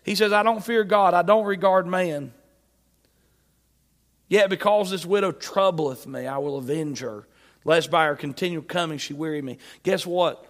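A man preaching a sermon, asking his listeners questions and repeating refrains, moving from emphatic shouts to soft, quiet passages. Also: high-pitched, moderate pace, in a large hall.

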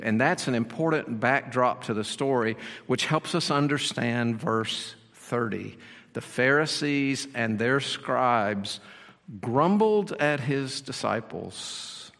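A man's voice: medium pitch, a bit bright, long reverb tail. A man preaching a sermon as pastor, explaining the passage with rhetorical questions and repeated phrases.

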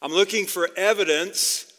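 Conversational preacher, bright and reverberant. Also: male voice, high-pitched, normal speed. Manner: conversational, repeats "okay?" to check in with listeners. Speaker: pastor. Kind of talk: sermon. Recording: long hall reverb.

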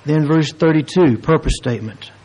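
High-voiced man preaching slowly. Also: darkish tone, breathy edge, rough recording. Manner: earnest expository preaching, stretching key words slowly. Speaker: pastor. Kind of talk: sermon.

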